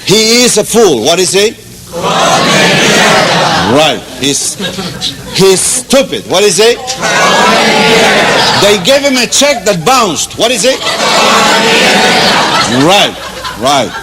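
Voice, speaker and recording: Cuban-accented guy teaching slang as a joke, lively swoopy voice, loud noise behind. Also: high voice, over a noisy crowd. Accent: Cuban Spanish. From Cuba. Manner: playful, chuckling, slow drilled repetitions. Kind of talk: comic mock language lesson.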